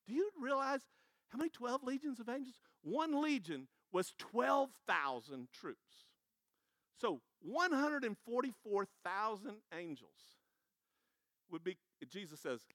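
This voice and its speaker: High, bright-voiced animated preacher man. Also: normal speed, dry recording, studio quality. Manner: animated, conversational preaching with casual slang and laughs. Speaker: pastor. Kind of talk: sermon.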